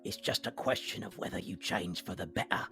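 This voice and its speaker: A man voicing a tearful, intense woman who speaks in a low, hushed, grave way to someone she believed in. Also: a little fast, creaky, faint music behind, heavily acted.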